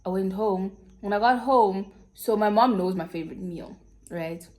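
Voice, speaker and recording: A woman's voice: medium pitch, normal speed, a little mellow. A young South African woman with a South African accent, frankly telling a personal story to her viewers in casual, slangy chat. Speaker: YouTuber.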